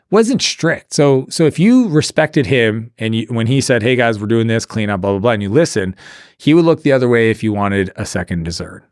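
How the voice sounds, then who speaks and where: A man's voice: mid-range voice, no room sound, studio quality. A man from Canada telling a personal story as a podcast guest, conversational and full of filler "like"s. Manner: conversational, many filler "like"s, trails off and restarts. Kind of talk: storytelling in a casual interview.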